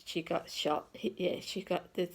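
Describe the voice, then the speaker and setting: A woman speaks in a fairly low voice with a gravelly, creaky edge. She tells a personal story in a loose, meandering way and often trails off mid-thought. It sounds like an unscripted monologue by a psychic. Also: steady tone, a little slow, low-quality recording. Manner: rambling and conversational, often trailing off with "kind of thing".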